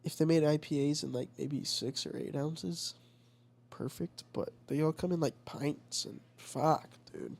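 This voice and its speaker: Man, casual vlogger, gravelly and slightly high, swears constantly, rambles. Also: a little slow, a little hiss or hum. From United States. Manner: profane, rambling, animated storytelling. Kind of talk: casual chat.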